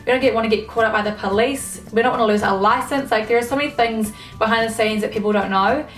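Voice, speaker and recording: An exasperated young woman rants to camera at a quick pace, her voice fairly high, swearing frequently and leaning on fillers. She's a vlogger recorded in an echoey room from a distant mic, with soft music in the background.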